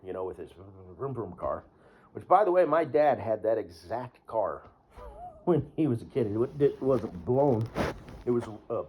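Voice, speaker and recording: A man talking in a rambling, casual monologue to the camera, full of fillers and throat clearing. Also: medium pitch, a little mellow. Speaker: vlogger.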